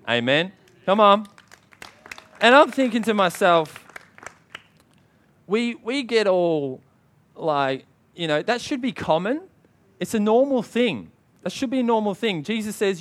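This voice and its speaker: A man preaching with a voice pitched a little above the usual for men. He talks in emphatic bursts and keeps calling out to the congregation for a response. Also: a bit bright. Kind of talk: sermon.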